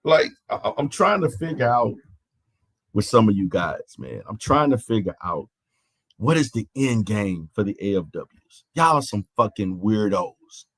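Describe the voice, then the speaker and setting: A man's voice: on the low side, very animated, measured pace, a bit bright, no echo. A man hosting an online panel, ranting in a mocking, profane way, stammering and repeating his phrases. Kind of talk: heated live-stream rant.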